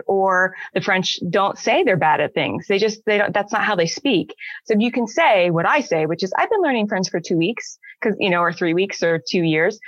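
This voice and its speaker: A woman's voice: medium pitch, dry recording, highs cut off. A woman hosting a casual interview, thinking aloud and asking long questions. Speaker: host.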